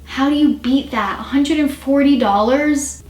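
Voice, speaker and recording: A woman's voice: high-pitched, measured pace. Chatty young woman, roomy echo. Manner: chatty, swears freely, self-mocking. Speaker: vlogger. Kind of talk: casual chat to camera.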